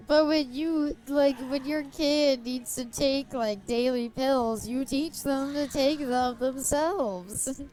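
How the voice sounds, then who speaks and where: A woman's voice: high voice, steady tone, slow, darkish tone, soft background music. A young woman streamer chatting casually while playing, giggling often and swearing freely.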